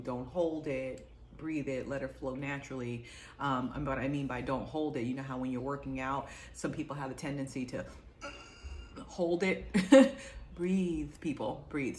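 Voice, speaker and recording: A woman's voice: a bass voice, roomy sound, slight background noise. A woman giving a casual, rambling talk to camera as an energy healer, full of fillers and restarts.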